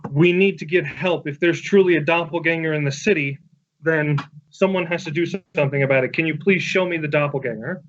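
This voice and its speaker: A haughty priestess with a prim, clipped way of speaking, pitched high, as a man puts her on. She sounds easily offended and self-important. The sound is slightly dull and lo-fi. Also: a little fast, natural voice. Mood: urgent. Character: haughty indignant priestess, woman.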